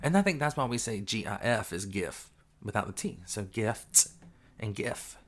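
A podcast host giving a loose, rambling solo monologue while high, often breaking into giggles. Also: expressive, normal speed.

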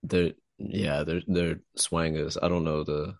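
A man's voice: rumbling low, fairly even intonation, unhurried, creaky, no echo, clean studio sound. A man from Texas, a writer talking loosely and profanely as a guest in a casual interview. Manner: loose and profane, laughing easily.

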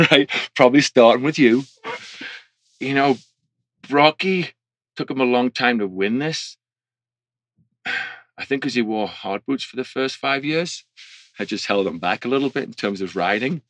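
A man's voice: mid-range voice, measured pace, long pauses, fairly bright tone, dry recording. A man snowboard instructor chatting in an interview, frank and joking. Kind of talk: casual interview chat.

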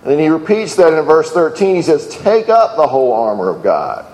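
A man's voice: on the high side, sing-song, a little fast, a little mellow. A man preaching a sermon in an earnest voice, with fillers and restarts, who acts out the quoted lines. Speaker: pastor. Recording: echoey hall with long reverb.

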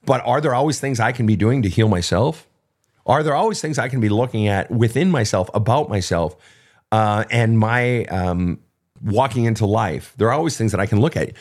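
A man's voice: lowish voice, moderate pace, a little mellow. A man hosting an unscripted advice show, answering listener questions in a blunt, emphatic way, with frequent profanity and repetition.

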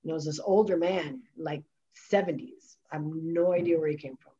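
A woman's voice: deep voice, moderate pace, dark tone, lo-fi sound, slight background noise. A woman guest, a wellness coach, telling her personal story candidly in conversation, emphatic and full of filler words and restarts.

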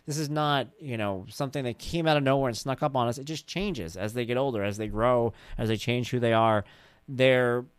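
A middle-aged man telling stories about his daughter in a casual monologue, animated and jokey, and he acts out her voice in high squeals. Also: brisk, clear, resonant tone, no room sound.

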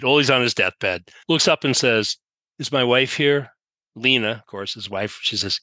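Podcast host guy, bright voice, reads jokes, dry close sound. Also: mid-range voice, animated, normal speed, no room sound. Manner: attempts comic accents when telling jokes. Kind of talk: casual chat with joke reading.

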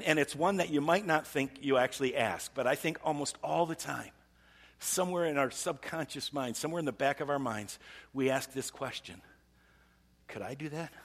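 In the long-reverb acoustics of a large hall, a man preaches a conversational sermon as pastor at a church service. He poses rhetorical questions to the congregation in a medium-pitched, fairly bright voice.

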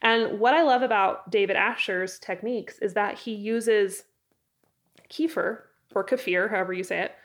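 A woman's voice: medium pitch, moderate pace, few pauses. A woman vlogger talking casually and enthusiastically about her favorite homesteading books, with a chatty, self-deprecating manner. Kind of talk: casual book recommendations to camera.

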